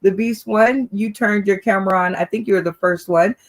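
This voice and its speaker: A woman hosting an online comedy game show, calling the time and the scores and asking the judges for their reactions. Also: mid-range voice. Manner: unhurried, encouraging announcements.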